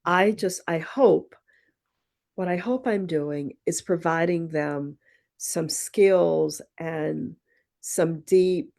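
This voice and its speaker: Woman podcast guest, gravelly texture, lowish voice, reflective storytelling. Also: drawn-out words, a little mellow. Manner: thoughtful, acts out quoted dialogue in anecdotes. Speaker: podcast guest, poet and retreat founder.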